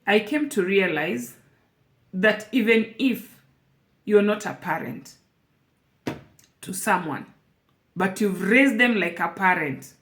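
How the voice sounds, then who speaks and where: A woman's voice: mid-range voice, lively intonation, slow, pauses often, a bit bright, slight background noise. Earnest woman vlogger. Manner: earnest, repeats phrases for emphasis. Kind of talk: emotional personal monologue.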